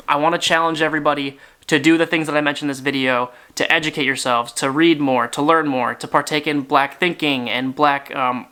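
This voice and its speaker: A man's voice: on the high side, bright, forceful tone, clear, resonant tone. A young man hosting his channel, making an earnest direct-to-camera appeal to his viewers, speaking sincerely and emphatically in strings of short phrases. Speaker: YouTube channel host.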